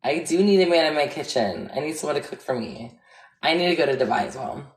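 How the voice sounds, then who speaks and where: A woman's voice: low-pitched, lively intonation, fast talker. A chatty, giggly woman in her twenties from Florida with a general American accent, livestreaming casually to viewers from home with playful swearing. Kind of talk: casual chat with live viewers. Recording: echoey room with loud noise.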